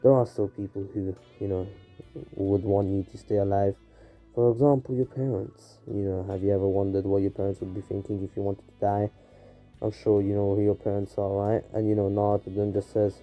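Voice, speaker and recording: A man's voice: on the low side, level tone, fairly quick, warm tone, highs cut off, faint music behind. A man casually narrating a fan-made story, rambling and full of fillers like "you know" and "anywho".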